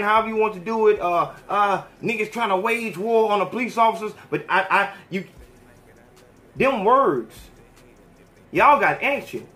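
A man's voice: sits high, pushed and bright. A man hosting a podcast, giving heated, profane commentary in a preachy, fiery manner. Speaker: podcast host.

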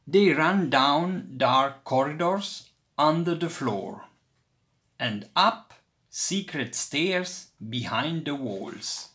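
A man reads a children's picture book aloud, taking his time over every phrase. His voice sits a bit high for a man and rises and falls in wide, lively curves, expressive and unhurried. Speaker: storybook reader. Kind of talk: children's storybook read-aloud.

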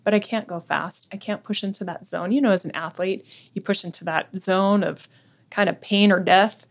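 A woman in her forties, a podcast guest, talking earnestly and candidly in a personal conversation, often dropping to a hushed low voice. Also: steady tone, moderate pace.

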